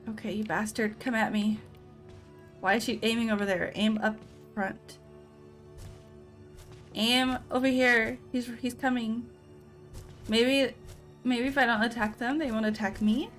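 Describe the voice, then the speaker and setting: A woman's voice: a little high, a bit bright. A woman giving casual let's-play commentary, talking to herself and letting out frightened yelps.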